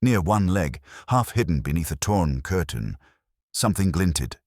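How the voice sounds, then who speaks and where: A man's voice: low-pitched, big pitch swings, unhurried, a little mellow, no echo, clean studio sound. A man giving scripted audiobook narration of a mystery story with dramatic storytelling.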